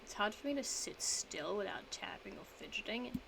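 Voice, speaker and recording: A woman's voice: medium pitch, lively intonation, normal speed, creaky, noisy background. A young woman streaming from home, chatting casually as she reads quiz statements aloud and answers them in a rambling, self-mocking way.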